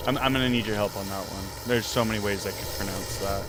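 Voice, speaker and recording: A man streaming a game live, out of breath and chatting casually, sighing and laughing softly, sometimes turning from the mic. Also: on the low side, moderate pace, heavy background noise. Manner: chatty, self-deprecating, sighs and laughs softly.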